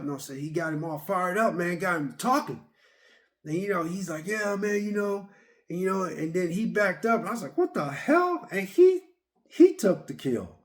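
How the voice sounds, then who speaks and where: Excitable middle-aged man reviewing a movie. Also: on the high side. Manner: excitable, retells scenes with acted-out quotes. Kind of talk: casual movie review vlog.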